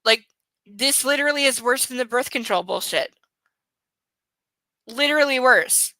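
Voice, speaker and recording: A woman with a bright, forceful, somewhat high voice reads a book aloud, then tears into it with constant swearing. She rants freely, leaning on "like" and "literally" as she goes. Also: animated, measured pace, no room sound. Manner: peppers speech with "like" and "literally". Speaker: book club streamer reading a novel aloud. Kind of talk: reading aloud with profane ranting commentary.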